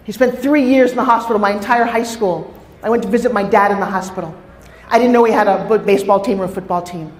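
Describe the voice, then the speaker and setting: A woman with a New York accent giving an energetic motivational stage talk, telling stories with asides to the audience. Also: medium pitch, fast. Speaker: motivational speaker. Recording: echoey hall.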